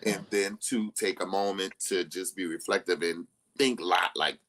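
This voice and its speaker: A young man with a low voice, talking at normal speed, appears as a guest on a casual live-stream chat, with slight background noise. He's an animated storyteller who laughs in bursts and acts out the people he quotes.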